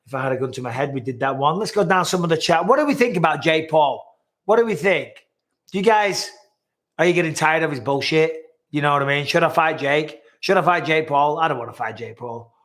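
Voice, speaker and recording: A man's voice: on the high side, expressive, brisk, a bit bright. A man with a northwest English accent hosting a casual live chat, reading out viewers' comments in a joking, blunt way and swearing freely. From northwest England.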